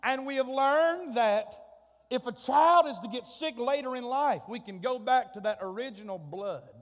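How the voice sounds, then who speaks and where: A man preaching with a drawl, his voice strikingly high for a man and ringing through a long, echoing church hall. He spins a folksy, comic story and then climbs into drawn-out shouts at the big points. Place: church sanctuary.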